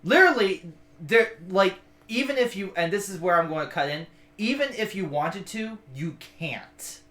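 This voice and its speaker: Lively game master man, bright voice, echoey room. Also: high voice, moderate pace. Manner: animated storytelling with fillers. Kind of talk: narrating a tabletop game.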